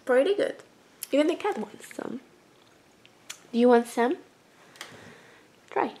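A woman's voice: high-pitched, animated, slow pace, dark tone, a little hiss or hum. A woman vlogging casually as a vet tech, chatty, laughing often and talking to her cat. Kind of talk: casual vlog chat.

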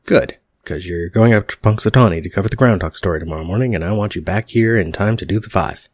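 A man's voice: deep voice, quick pace, no room sound. A man reading aloud the lines of a bossy TV station chief from a screenplay. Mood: brusque.

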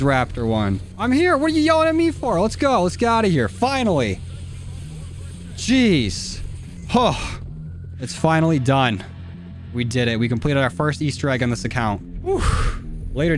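A young man giving casual, profane commentary while playing a game, talking to the characters on screen and yelling when things go wrong. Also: on the high side. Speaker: gaming YouTuber. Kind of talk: live gameplay commentary. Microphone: studio dynamic mic.

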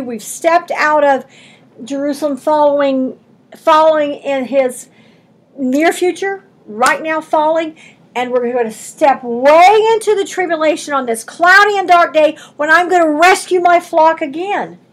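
A woman's voice: high voice, unhurried. A woman pastor preaching an expository sermon in a church, reading scripture aloud and explaining it in a folksy, emphatic way.

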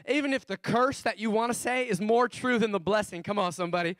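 A man preaching a sermon as pastor, telling stories with animated swings between soft asides and loud emphatic bursts, repeating key phrases slowly for emphasis. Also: high-pitched, no echo, studio quality.

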